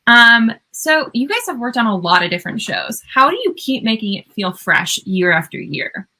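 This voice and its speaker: A woman's voice: fairly high pitch, big pitch swings, normal speed, pushed and bright. A woman moderating a video panel, chatting in an upbeat way and passing along questions.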